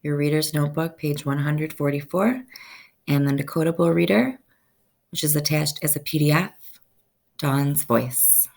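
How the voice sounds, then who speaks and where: A woman teaching a first-grade phonics lesson, slowly stretching out each sound so children can say the words with her. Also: sits low, creaky, darkish tone.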